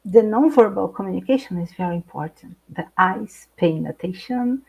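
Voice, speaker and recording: A middle-aged Brazilian woman speaking English with a Brazilian Portuguese accent, an animated guest in a live video chat who laughs often and searches for words. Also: mid-range voice, normal speed, gravelly, husky, rough recording. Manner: animated, laughs often, hesitant non-native phrasing. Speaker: guest speaker, intercultural trainer.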